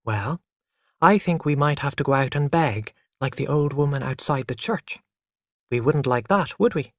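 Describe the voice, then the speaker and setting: A patient young mother, as a storybook narrator puts her on, speaks softly and in a hushed voice. The sound is dry and close. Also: medium pitch, animated, normal speed, no echo, close to an everyday voice.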